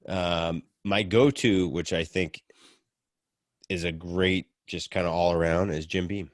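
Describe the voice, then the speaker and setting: A man with a fairly low voice, recorded close and dry, talks in a relaxed, meandering way. He fills his sentences with "like" and restarts as he chats casually with friends on a podcast. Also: unhurried, no room sound. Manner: rambling, laid-back storyteller with many fillers. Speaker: podcast co-host. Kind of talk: casual group chat.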